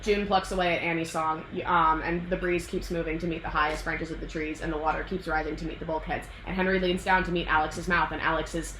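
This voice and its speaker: A young woman hosting a casual chat, retelling a story with lots of swearing and acted-out quotes. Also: low-pitched. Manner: animated, swears freely, acts out quotes. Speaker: host. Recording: echoey room.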